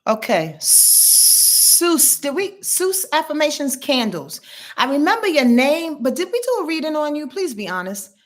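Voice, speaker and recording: Animated, frank woman hosting a live stream. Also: high voice, normal speed. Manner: animated, emphatic, repeats words while searching for them; frank and salty, swears in passing. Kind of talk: casual live-stream chat.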